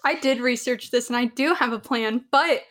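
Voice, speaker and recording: A woman's voice: fairly high pitch, normal speed, a bit bright. A woman hosting a casual interview podcast, chatty and playful. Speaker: podcast host.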